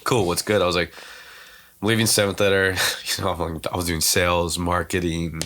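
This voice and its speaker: A man's voice: deep voice, little pitch movement, fairly bright tone, slight background noise. A man as a podcast guest, telling stories in loose, slangy casual talk full of fillers, acting out what others said. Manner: slangy, quotes others' words in quick reenactments. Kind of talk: casual storytelling chat.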